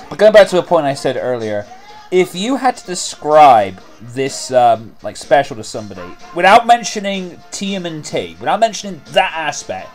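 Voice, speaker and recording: A man's voice: fairly high pitch, big pitch swings, normal speed, faint music behind. A man giving casual, sarcastic commentary over a video, rambling with lots of filler words. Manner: sarcastic and rambling, many "like" and "you know".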